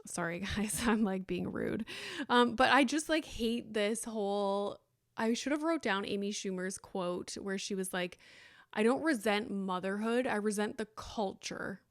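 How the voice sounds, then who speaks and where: A young adult woman hosting a podcast, talking candidly and chattily, with many likes and ums, sometimes mimicking others in a higher voice. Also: unhurried, dry recording, studio quality. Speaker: podcast host. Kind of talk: casual solo podcast talk.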